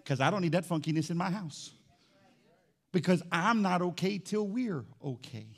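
A man preaching a lively sermon as pastor in a church, swinging between shouts and low asides. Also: moderate pace. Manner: animated, shouts and drops low, playful asides. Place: church sanctuary.

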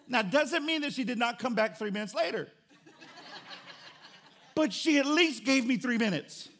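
A middle-aged man preaching a sermon as pastor, conversational and joking, with an animated delivery. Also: very high voice, moderate pace, creaky.

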